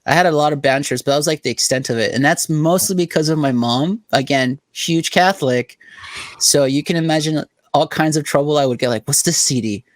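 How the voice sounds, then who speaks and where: Here the same kind of podcast co-host, a young guy from Southern California, sounds a little high and brisk on a dry recording. He rambles through profane stories, saying "like" constantly as he chats.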